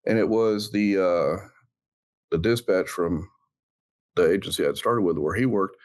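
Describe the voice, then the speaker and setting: A man, a former police officer, earnestly recounting his past in an interview, halting and reflective with many fillers. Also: low voice. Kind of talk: personal storytelling in an interview.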